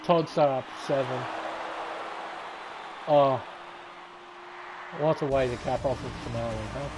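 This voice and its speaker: A man giving casual commentary on a sim-racing league race, excitable and sleepy, swearing and laughing. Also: mid-range voice, a little slow. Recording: race car engine noise behind. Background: racing game car sounds.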